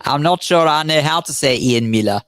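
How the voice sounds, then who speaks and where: A man's voice: on the high side, moderate pace, fairly bright tone, clean tone, dry recording. A man with a South African accent co-hosting a radio show, bantering with dry wit. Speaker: radio co-host. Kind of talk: casual radio chat. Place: radio studio.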